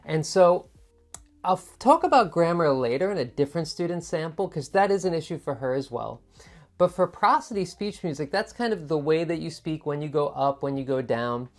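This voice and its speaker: A woman's voice: deep voice, lively intonation, moderate pace. A woman tutor explaining test answers in a chatty teaching manner, demonstrating intonation by repeating words. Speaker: TOEFL tutor. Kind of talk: explaining student sample answers.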